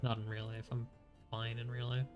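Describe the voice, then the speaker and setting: A man's voice: medium pitch, monotone, normal speed, highs cut off. A congested man chats through a game stream, joking at his own expense. His voice sits mid-range. Faint game music plays in the background. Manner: chatty, self-deprecating. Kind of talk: casual gameplay commentary.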